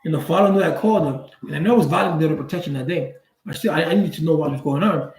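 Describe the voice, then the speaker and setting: A man tells a story from his own life, casual and blunt, with street slang. His voice sits high for a man and leaps further up when he acts out someone else's lines. The room around him is roomy and echoey. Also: racing. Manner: animated, acts out quoted dialogue with big pitch jumps. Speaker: channel host.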